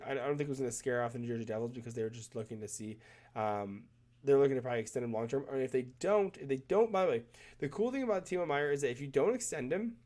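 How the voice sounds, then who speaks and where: This hockey commentator, congested with a cold, rambles eagerly through stats shown on screen during a casual screen-share, repeatedly restarting and correcting what he says. He has a medium-pitched voice with a darkish tone.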